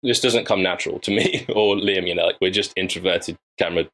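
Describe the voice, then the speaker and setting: This is an English man, a filmmaker appearing as a guest in a casual interview over a video call. He has a deep, somewhat bright voice and speaks fairly quickly, thinking aloud with lots of fillers and restarts. The audio quality is poor.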